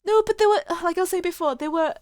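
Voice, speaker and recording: A young woman streaming a game playthrough, talking excitedly and emotionally, swearing often. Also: very high-pitched, quick pace, no echo. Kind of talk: live game playthrough commentary. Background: faint game music.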